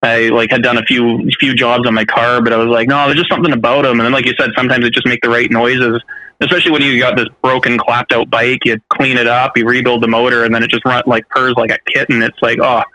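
A man chatting casually and rambling through stories with plenty of fillers. He talks fast with a bright, tense edge. The sound is dry and close, with no room around it. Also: medium pitch, level tone, no echo, low-quality recording. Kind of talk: casual chat.

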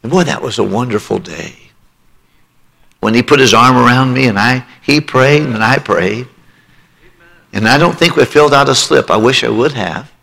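Gravelly preacher man in a reverberant hall. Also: mid-range voice, moderate pace, long pauses, sharp tone. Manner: emotional testimony, rising to pleading altar call. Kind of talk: sermon.

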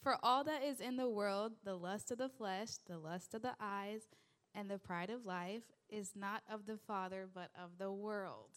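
Woman calmly reading scripture aloud. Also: mid-range voice, a little slow. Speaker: congregation member reading scripture.

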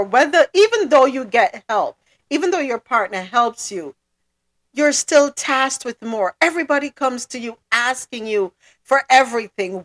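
A woman hosting a casual podcast chat, thoughtful and quick to laugh. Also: on the high side, fairly bright tone. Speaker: podcast host.

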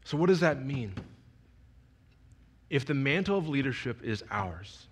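A man's voice: mid-range voice, big pitch swings, unhurried, breathy edge. A young man giving a sermon as a youth pastor, telling a personal story in a conversational, emotional way with frequent restarts.

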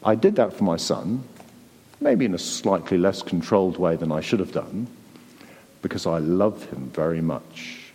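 A man's voice: deep voice, very animated, normal speed, mellow, breathy edge, big-room sound. A man preaching a sermon to a church congregation, earnest and pleading, often repeating words as he presses his point. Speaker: pastor.

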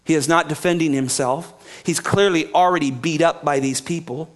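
A man's voice: fairly high pitch, moderate pace. A male pastor preaching an expository sermon, acting out the people he quotes and often restarting his sentences. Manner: animated, acts out quoted speakers, frequent restarts.

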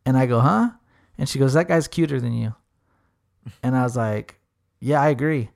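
A man's voice: mid-range voice, normal speed, vocal fry, a little mellow. A young man telling a funny story in casual chat, swearing freely and acting out the voices of the people he quotes.

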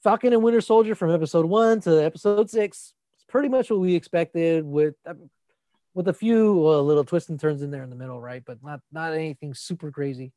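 A man with a fairly high voice and dry, close sound chats loosely about shows. He restarts often and swears freely, at an easygoing pace. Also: fairly quick, no echo. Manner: relaxed, loose, swears freely, repeats words. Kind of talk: casual chat.

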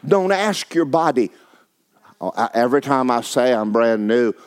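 A man's voice: mid-range voice, animated, moderate pace, smooth. A middle-aged male pastor, preaching a sermon in a folksy, emphatic way and repeating phrases for effect.

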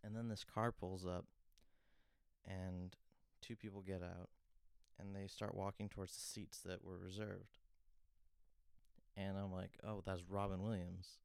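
A young man with a low, gravelly voice recounts a story in a loose, chatty way, leaning on "like" and "you know." His tone stays flat and smooth. The sound is dry and close. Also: measured pace, long pauses, no echo. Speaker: comedian guest telling a story. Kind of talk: casual storytelling.

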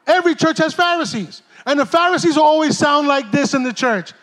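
A middle-aged pastor preaches in a very high voice for a man. His delivery is animated and streetwise, full of jokes and asides. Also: moderate pace. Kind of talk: sermon. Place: church stage.

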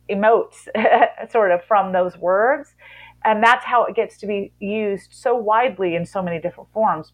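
Female academic guest, conversational explainer, medium pitch, easy laugh. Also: lo-fi sound. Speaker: linguistics professor, guest.

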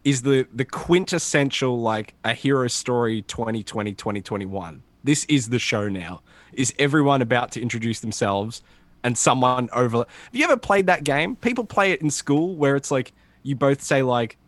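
A man's voice: mid-range voice, expressive, moderate pace, dry recording. An Australian man co-hosting a podcast, laid-back and teasing in casual chat. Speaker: podcast co-host.

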